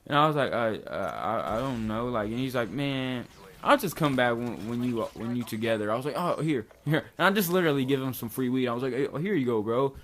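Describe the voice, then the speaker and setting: A man's voice: medium pitch, fast talker, fairly bright tone. A young man from Kentucky casually telling a long rambling story, full of slang and filler words. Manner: rambling, loose slang, lots of likes and dudes. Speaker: vlogger.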